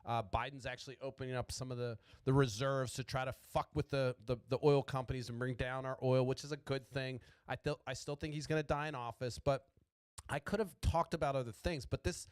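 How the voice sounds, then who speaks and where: A man rants about politics with a lot of swearing, stumbling and restarting his sentences as he goes. His voice sits in an ordinary middle pitch. The sound is close and dry, with no room around it. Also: fairly even intonation, fairly quick, clear, resonant tone, dry recording. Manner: stuttering, profane, rambling. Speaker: podcast host. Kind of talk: profane political rant.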